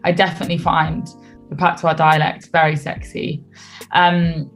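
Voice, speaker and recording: A young British woman, a singer being interviewed on radio, talking in a relaxed, chatty way and laughing easily. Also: low-pitched, normal speed. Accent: British English. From United Kingdom. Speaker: singer guest. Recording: faint music behind.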